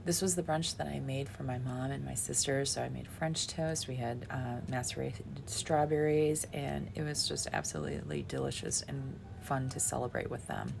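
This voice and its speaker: A woman's voice: a bass voice, moderate pace, vocal fry, hardly any pauses, over music. A woman vlogger recording a heartfelt voiceover over her footage, often teary and emotional as she talks. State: teary, crying at times. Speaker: planner vlogger. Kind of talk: vlog voiceover.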